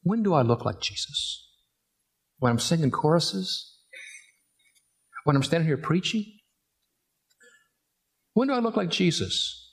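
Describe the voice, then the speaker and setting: A man's voice: on the high side, big pitch swings, a little slow, vocal fry, long pauses. A middle-aged man preaching a sermon, telling a family story and building to emphatic rising peaks. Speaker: pastor.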